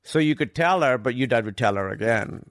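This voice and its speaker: A man's voice: medium pitch, animated, brisk, no echo, clean studio sound. A man candidly telling a personal story as a guest in a conversation, rambling and swearing casually.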